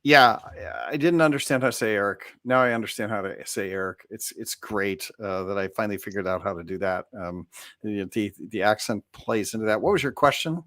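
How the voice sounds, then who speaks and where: A man's voice: on the low side, a little fast, a bit bright, dry recording, studio quality. A man in his forties, hosting a casual podcast chat and telling a long rambling story with restarts. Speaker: podcast host.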